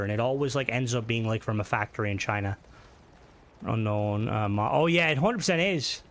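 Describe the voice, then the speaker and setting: A young man chatting loosely on a live stream. His voice sits at an ordinary middle pitch, and he rambles from one story to the next with plenty of swearing. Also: a bit bright. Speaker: livestream host. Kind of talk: casual live-stream chat.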